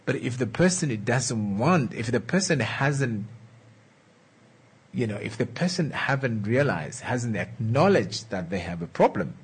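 A man speaks earnestly about relationships in a medium-pitched, sing-song voice with a breathy edge. His delivery is slow, emphatic and coaxing as he returns to key lines and checks in with those listening.

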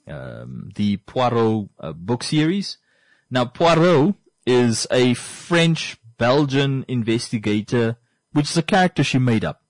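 A man's voice: mid-range voice, very animated, slow pace, no echo. A man hosting a casual monologue, rambling and repeating points for emphasis. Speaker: podcast host.

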